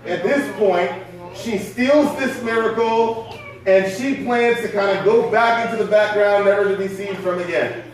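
Preacher with a high voice in an echoey hall. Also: male voice, a little slow, recorded from a distance. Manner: conversational preaching with rhetorical questions. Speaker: pastor. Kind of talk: sermon.

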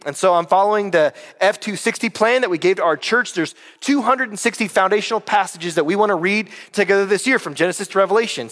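A man's voice: sits high, fairly bright tone, big-room sound. A middle-aged man preaching a conversational sermon in a church, emphatic and full of rhetorical questions. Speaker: pastor. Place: church sanctuary.

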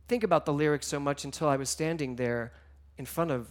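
A man giving a sermon, telling stories with emotion, moving between hushed and loud passages. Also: on the high side, a little fast. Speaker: minister.

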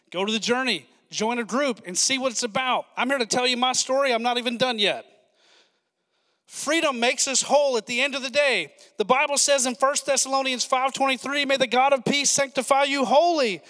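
High bright guy pastor preaching fast and excited, big church reverb. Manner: excited, fast-talking preaching with asides to the congregation. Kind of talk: sermon.

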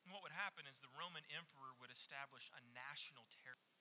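Bright-voiced man preaching a sermon. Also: medium pitch, fast, slight background noise, low-quality recording. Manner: expressive preaching, swinging from loud emphasis to hushed near-whispers. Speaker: pastor.

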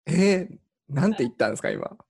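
A woman hosting an interview, asking quick questions and backchanneling constantly. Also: on the low side, big pitch swings, darkish tone, slightly rough. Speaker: host. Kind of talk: casual interview chat.

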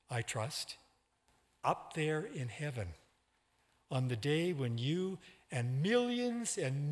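A man voicing a calm, defiant male church organist in a read-aloud story, speaking firmly and with measure. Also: on the high side, pitched above the performer's own voice, exaggerated voice. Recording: long hall reverb.

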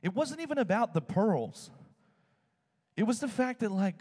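Guy preaching, tells stories all animated, voice a bit high, echoey hall. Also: normal speed, long pauses. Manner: animated storytelling, swings high when excited. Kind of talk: sermon.

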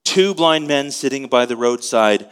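A man's voice: medium pitch, animated, a little slow, a bit bright, smooth. Conversational male pastor teaching. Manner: conversational, asks the listeners questions. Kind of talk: expository sermon.

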